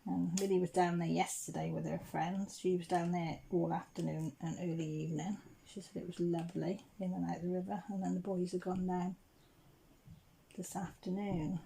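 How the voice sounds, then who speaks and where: A middle-aged English woman telling a rambling home story while crafting, clearing her throat now and then. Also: lowish voice, warm tone, slight background noise. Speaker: crafting channel host.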